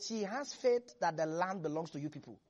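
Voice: medium pitch, expressive, brisk, darkish tone. A preacher delivering a sermon in an emphatic style, repeating phrases and chuckling between points.

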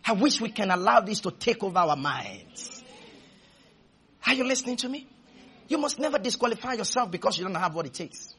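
A man preaching a sermon, leading call-and-response, breaking into shouts and drawing out words for emphasis. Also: sits high, very animated, husky. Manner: slows to stretch words for emphasis.

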